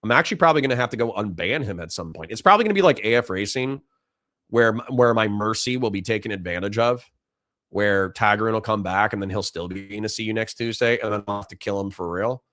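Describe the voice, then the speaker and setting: A man hosting a livestream, reading viewer messages and ranting with heavy swearing, flipping between loud outbursts and muttered apologies. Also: on the low side, fast, no room sound, studio quality. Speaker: livestream host reading super chats. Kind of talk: heated livestream commentary.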